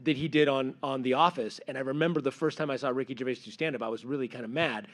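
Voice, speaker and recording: A man's voice: mid-range voice, quick pace. A male comedian on a convention panel, telling stories and acting out quoted lines. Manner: animated storyteller, acts out quoted lines. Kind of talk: panel discussion.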